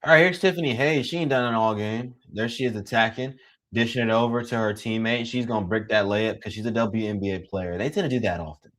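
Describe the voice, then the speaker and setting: A young man giving casual live play-by-play commentary, excitable and teasing, full of slang. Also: lowish voice, fast talker.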